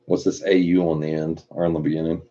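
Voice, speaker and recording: A man's voice: very deep voice, level tone, fast, warm tone. A man reading out viewer chat and chatting casually, with a laid-back, profane manner and frequent laughs. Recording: muffled lo-fi recording.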